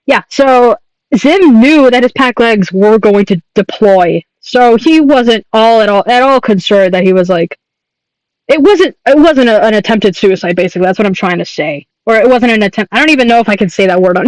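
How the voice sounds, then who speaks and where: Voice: mid-range voice, dry recording, poor audio. A young adult artist chatting casually on a livestream while drawing, rambling, laughing often and swearing.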